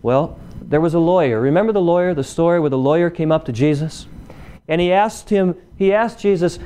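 A man's voice: a little high, fairly quick, warm tone, clear, resonant tone. A male preacher giving a sermon, emphatic and repeating key phrases, firing rhetorical questions at the congregation.

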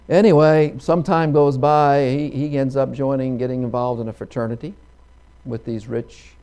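Gravelly-voiced preacher man telling a folksy story. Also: medium pitch. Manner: folksy storytelling, voices the characters, bursts into loud hallelujahs. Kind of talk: sermon with storytelling.

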